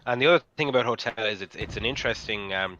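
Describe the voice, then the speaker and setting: A man's voice: mid-range voice, racing, sharp tone, highs cut off. A man hosting a casual game replay commentary, rambling with many ums and restarts. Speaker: gaming channel host.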